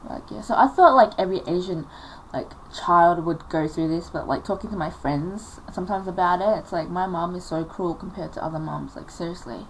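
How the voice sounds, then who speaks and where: A woman's voice: lowish voice, a little fast, low-quality recording. Young aussie girl vlogging, emotional and rambly, bit of hiss on the recording. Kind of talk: casual storytelling vlog.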